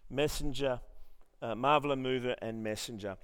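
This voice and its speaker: A man's voice: medium pitch, moderate pace, a bit bright, smooth. A man preaching a sermon, telling a story with many restarts and then leading the congregation in earnest prayer. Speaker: pastor.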